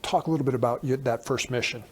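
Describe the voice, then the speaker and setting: A man's voice: mid-range voice, fast, slight background noise. A man hosting an interview, reacting with enthusiasm and prompting his guest with questions. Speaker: interview host. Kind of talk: conversational interview.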